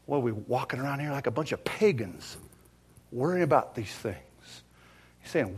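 A man preaching a sermon in a folksy way, swinging from hushed asides to loud, fervent passages. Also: mid-range voice, sing-song, a little fast, creaky, breathy edge. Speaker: pastor.

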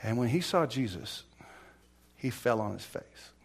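A middle-aged male pastor preaching a sermon in a folksy, personal way, swinging from hushed whispers to loud, emphatic exclamations. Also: medium pitch, expressive, a little slow, gravelly, breathy edge. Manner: folksy, personal storytelling with laughter.

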